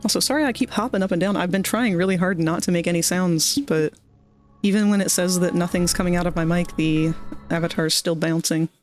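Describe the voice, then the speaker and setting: A woman's voice: fairly low pitch, fairly quick, soft background music. A woman from Maryland chatting casually on a livestream while playing a game, rambling through stories with self-deprecating asides. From Maryland, United States. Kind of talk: casual chat while gaming.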